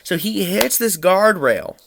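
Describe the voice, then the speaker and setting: A young man from Pennsylvania spins family anecdotes with animated energy and frequent chuckles. His voice sits high for a man and rings bright. The sound is close and dry. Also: takes it slowly, gravelly, dry recording. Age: young adult. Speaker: student storyteller.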